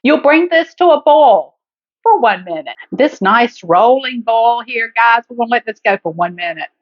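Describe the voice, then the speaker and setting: A woman's voice: a little high, lively intonation, normal speed, dull audio. Chatty Southern woman hosting a cooking show. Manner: chatty, homey, addresses viewers as guys and honey. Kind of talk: casual cooking demonstration. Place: home kitchen.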